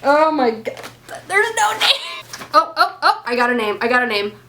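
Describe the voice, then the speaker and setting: A woman's voice: high-pitched, big pitch swings, moderate pace, bright, forceful tone, slight background noise. A young woman book vlogger unboxing at home, gushing and giggly, tripping over her words as she talks to the camera mic. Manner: gushing, breathless and giggly, stumbling over names. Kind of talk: excited unboxing vlog. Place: home, indoors.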